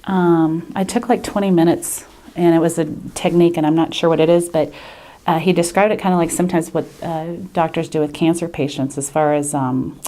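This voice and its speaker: A woman speaking as a patient in an unscripted testimonial, hesitant and earnest, pausing often with fillers and restarting her sentences. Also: low voice, steady tone, warm tone. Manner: earnest and grateful.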